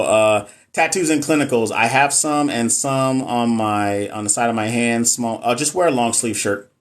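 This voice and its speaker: A man talks loosely into his phone during a live stream. He speaks in a joking, slangy way, cusses freely and addresses viewers directly. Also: mid-range voice. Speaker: nurse and NCLEX coach hosting a live stream. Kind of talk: casual live-stream chat answering viewers.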